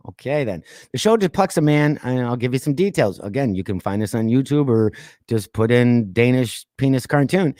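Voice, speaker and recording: A man hosting a podcast, reading odd news stories aloud and breaking off into sarcastic asides, laughs and deliberate quiet pauses. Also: medium pitch, dry recording, studio quality. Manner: reads news items then riffs with sarcastic asides and laughs; drops to quiet voice for dramatic pauses. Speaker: podcast host. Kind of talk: casual news commentary.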